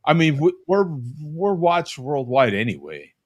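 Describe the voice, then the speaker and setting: Rambling, lively-voiced man on a call. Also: on the high side, no room sound. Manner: rambling, halting, with many restarts and fillers. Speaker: podcast host. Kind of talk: casual chat on a live stream. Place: home room. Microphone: video call.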